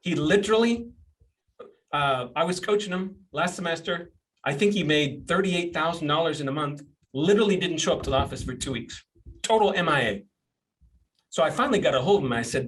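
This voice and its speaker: A blunt, animated man hosts a casual podcast and tells stories with plenty of energy. His voice sits a bit high for a man, and he sounds like he's in his forties. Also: a little fast. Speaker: podcast host and coach.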